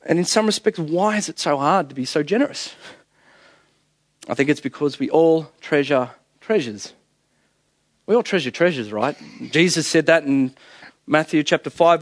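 A man's voice: fairly high pitch, dry recording, studio quality. A man with an Australian accent preaching a sermon as pastor, telling stories with humor, chuckling at his own jokes and firing off rhetorical questions.

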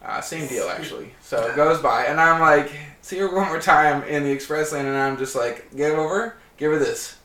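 Casting: a male guest, lively storyteller, slightly higher voice, roomy distant mic. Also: moderate pace, few pauses. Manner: animated storyteller, acts out quotes. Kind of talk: casual storytelling chat. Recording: echoey room, distant mic.

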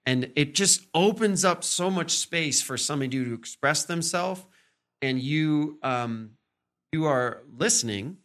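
A man hosting a podcast, giving a casual teaching talk on respect, with lots of fillers and "right?" check-ins and quick acted-out examples of tone. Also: a little high, animated, a bit bright. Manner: acts out tones in short quoted examples. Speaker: podcast host.

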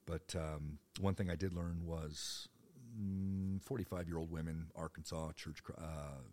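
A man's voice: low-pitched, steady tone, a little slow, darkish tone. A man in his fifties telling stories from his youth in a rambling, joking way, with the odd swear. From United States. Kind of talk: personal storytelling monologue.

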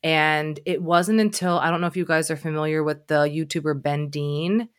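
Animated woman telling a candid story. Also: sits low, moderate pace, smooth. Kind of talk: casual conversation.

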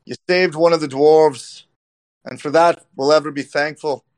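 A man's voice: on the high side, steady tone, moderate pace, voice pushed up, lightly acted. A man voicing a hearty male dwarf who speaks in an old-fashioned way, welcoming travelers. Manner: old-fashioned speech, says aye.

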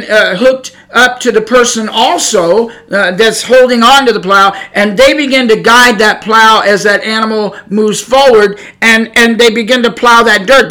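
A man teaching scripture in a loose, rambling way, with a high, bright voice. He stumbles and restarts often, then climbs into forceful shouts to hammer home a point. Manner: rambling, stumbles over words, rising to shouts for emphasis. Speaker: preacher. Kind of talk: informal Bible teaching.

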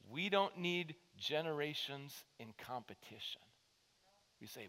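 A man preaching a sermon as pastor, building to emphatic rallying calls and dropping to hushed asides, in a church. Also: medium pitch, sing-song, a little slow, long reverb tail, poor audio. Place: church sanctuary.

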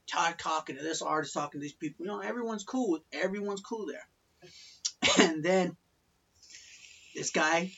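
A man's voice: sits high, creaky, sharp tone. A young man from Colorado telling profane, laugh-filled stories in casual podcast chat. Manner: profane, laughing through anecdotes. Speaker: podcast guest storyteller. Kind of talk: casual storytelling. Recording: dull lo-fi podcast audio.

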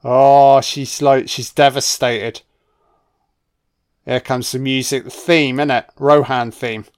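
A man's voice: mid-range voice, level tone, slow pace, clean tone. A man giving a casual, profane running commentary on a film, making admiring asides as he watches.

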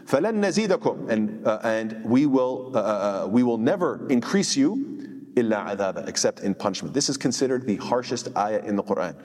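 A man explaining scripture in a lesson, emphatic and quick, often posing rhetorical questions to his listeners. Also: lowish voice, expressive, darkish tone, long reverb tail. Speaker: Quran teacher.

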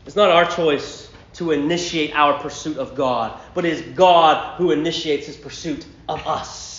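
A male pastor preaching a sermon, emphatic, dropping to a hush and then rising to a shout. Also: fairly high pitch, unhurried, roomy sound, lo-fi sound. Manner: emphatic, swinging from hushed to shouting.

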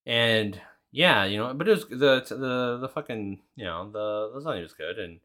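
A man's voice: mid-range voice, expressive, normal speed, bright, forceful tone. A young man hosting a podcast, chatting casually and rambling with lots of swearing and fillers. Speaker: podcast host. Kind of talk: casual solo chat.

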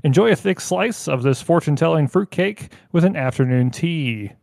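A man's voice: a little high, lively intonation, moderate pace, vocal fry, darkish tone, no room sound, studio quality. A man hosting a casual food quiz podcast, reading out trivia facts with a jokey tone. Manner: jokey, reads trivia in a light presenter tone. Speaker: quiz host.

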